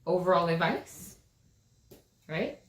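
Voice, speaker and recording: A woman's voice: lowish voice, takes it slowly. A woman giving a casual tarot reading, chatty and emphatic, repeating her phrases and often checking in with "right?". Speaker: tarot reader. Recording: echoey room.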